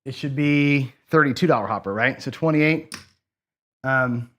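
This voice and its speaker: A male craps host with a medium-pitched, fairly bright voice takes an unhurried pace. In his casual gambling commentary, he reasons through bet calculations aloud, revises himself, and chats to viewers.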